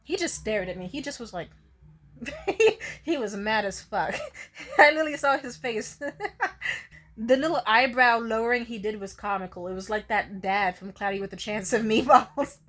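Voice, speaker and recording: A woman's voice: a little high, moderate pace, a bit bright. A young woman telling a story to camera in a blunt, profane, casual way, often laughing. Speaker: vlogger.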